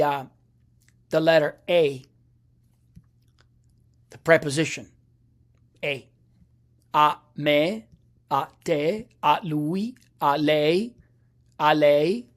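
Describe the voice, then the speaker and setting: Slow, patient male language teacher. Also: a little high. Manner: patient, checks in with "okay?" often; halting, restarts mid-phrase. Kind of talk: explaining a lesson.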